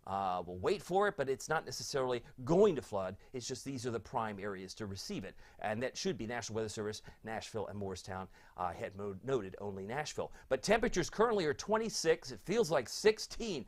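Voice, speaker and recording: Middle-aged male weatherman, chatty and sentimental, lively swooping delivery, mid pitch. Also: brisk, few pauses. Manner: chatty, sentimental, easily moved. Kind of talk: live weather chat reading viewer comments.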